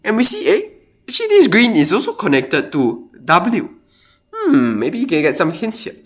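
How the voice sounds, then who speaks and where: Guy teaching math, super expressive pitch, lots of oh and eh while he works it out. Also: moderate pace. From Singapore. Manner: animated, thinking aloud with exclamations. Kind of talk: explaining a worked math problem.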